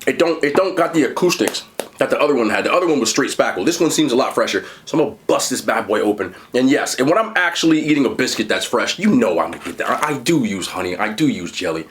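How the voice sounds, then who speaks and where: Chatty man reviewing fast food. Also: medium pitch, slight background noise. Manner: chatty, animated, talks while eating. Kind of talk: casual food review vlog.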